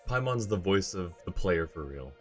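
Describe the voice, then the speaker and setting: Man, low voice, tired, laid-back gameplay commentary, chuckling asides, faint game music. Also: lively intonation, normal speed. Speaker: streamer.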